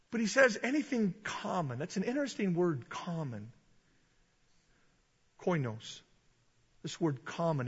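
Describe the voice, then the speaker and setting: A man preaching a sermon in an animated way, acting out voices and rising to loud shouted peaks. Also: fairly high pitch, in a large hall, lo-fi sound.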